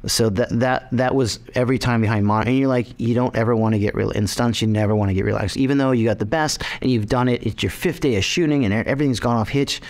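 Animated, rambling man interviewed. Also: mid-range voice, quick pace, hardly any pauses. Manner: rambling, animated, with laughs and restarts. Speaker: film director being interviewed. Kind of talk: casual interview.

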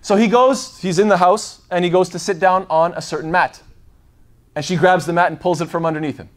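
Man, relaxed religious lesson, digressive with lots of fillers, brisk pace. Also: high voice. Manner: digressive, thinks aloud with many fillers. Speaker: Islamic lecturer. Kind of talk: casual explanatory talk.

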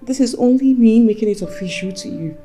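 A Nigerian actress playing a heartbroken young wife who speaks firmly and coldly. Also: female voice, on the high side, lively intonation, mellow, soft background music, natural voice. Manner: firm, cold, measured. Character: heartbroken, cold young wife seeking revenge.

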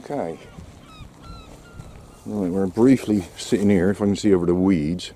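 A man's voice: deep voice, moderate pace, noisy background. A man giving casual vlog commentary outdoors while walking his dog, full of wry, sarcastic asides. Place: outdoors on a seaside quay.

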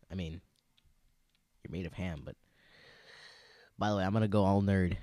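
A man's voice: deep voice, fairly even intonation, a little fast, darkish tone, no echo, clean studio sound. A young man rambling through gaming commentary, arguing with himself and slipping into silly voices. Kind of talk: let's play commentary.

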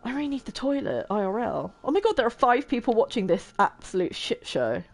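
A woman's voice: a little high, very animated, a little fast, vocal fry, faint music behind. A young woman chatting and giggling her way through a life-sim game as a streamer. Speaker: gaming streamer. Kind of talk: casual gameplay commentary.

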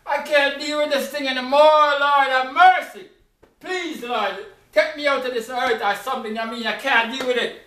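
A man voicing an exasperated male prophet who pleads with God, his voice climbing high in frustration. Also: normal speed, bright, forceful tone. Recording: echoey room, mic at a distance.

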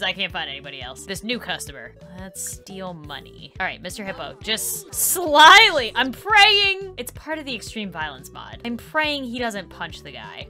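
Bubbly high-voiced woman gamer. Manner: excitable, giggly, shrieks and laughs often. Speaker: gaming YouTuber. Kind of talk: let's play commentary.

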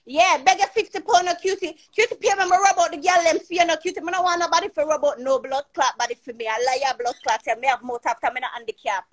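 A woman's voice: sits high, steady tone, fast talker, hardly any pauses. A woman, arguing and cursing on a live stream, boastful and confrontational. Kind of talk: heated live-stream argument. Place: at home in the UK.

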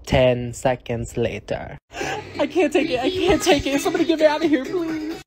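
A woman's voice: high voice, big pitch swings, moderate pace, over loud music. A young woman performing sassy comedy sketches, talking playfully with lots of "like".

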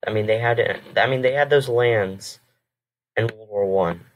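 This reaction video host has a lowish voice and a moderate pace. Chatting casually over a history video, he hesitates, rambles with lots of filler words, and keeps correcting himself.

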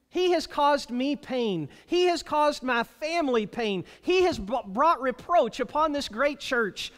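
A man with a very high, highly animated voice delivers a sermon as a pastor. He is emphatic and drags out key phrases slowly for weight. His words ring out with a long reverb from a church sanctuary.

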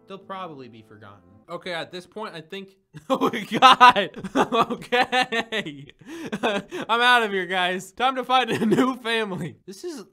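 Young guy goofing around over gameplay, really animated, punchy bright tone, chatting to viewers. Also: high voice, a little slow, soft background music. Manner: joking, silly, chatty with viewers. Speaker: gaming video creator. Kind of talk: playful gameplay commentary.

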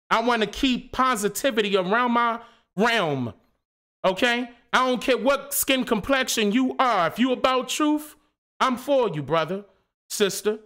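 A man's voice: extremely high pitch, pushed and bright. A man hosting his own live stream, speaking in a passionate, preachy rant full of rhetorical questions and casual slang. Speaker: channel host.

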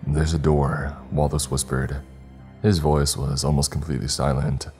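A man voicing a protective, grizzled male demon hunter in a horror story reading, speaking in a hushed, firm, urgent way. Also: rumbling low, little pitch movement, moderate pace, soft background music. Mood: urgent whisper.

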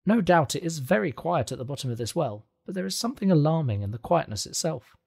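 A man reading a classic adventure novel aloud as audiobook narration, calm and even. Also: a little high, quick pace, vocal fry, slightly rough. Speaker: audiobook reader. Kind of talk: scripted narration.

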